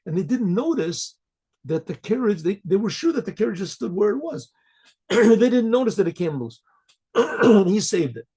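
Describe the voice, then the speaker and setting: A man, a rabbi, telling a folk story in a rambling way, often clearing his throat and restarting. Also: high-pitched, big pitch swings, normal speed, warm tone. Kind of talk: oral storytelling.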